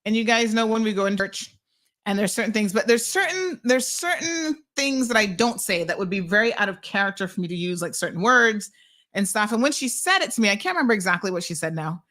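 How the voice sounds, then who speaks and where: A woman's voice: mid-range voice, big pitch swings, a little fast, fairly bright tone. A Caymanian woman hosting a call-in talk show, chatting in a rambling, exasperated way as she reads listener comments and tells stories. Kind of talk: casual call-in show chat.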